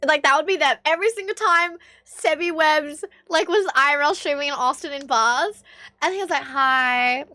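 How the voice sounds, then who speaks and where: A woman's voice: sits high, fairly quick, bright, forceful tone, no room sound, studio quality. A young woman with an Australian accent chatting bluntly with her stream viewers, swearing often. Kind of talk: casual chat with stream viewers.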